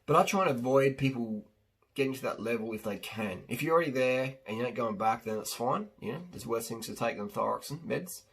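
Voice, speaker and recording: A diet coach rambles through an unscripted one-take monologue. His husky, mid-pitched voice stays blunt and casual as he jumps between points. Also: lively intonation, brisk, a bit bright.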